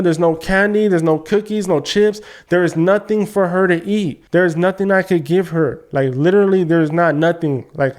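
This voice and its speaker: A young man talks straight to camera, telling his own story in a loose, emphatic, profanity-laced way. His voice sits a little high for a man. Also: a little mellow. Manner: casual, emphatic, swears often. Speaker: trading vlogger.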